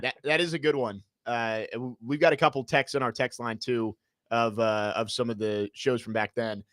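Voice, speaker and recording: A man hosting a sports radio show, leading the talk and taking callers in a brisk, upbeat way with frequent fillers. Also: medium pitch, steady tone, fairly bright tone, dry recording, clean studio sound. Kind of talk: radio hosting and live read.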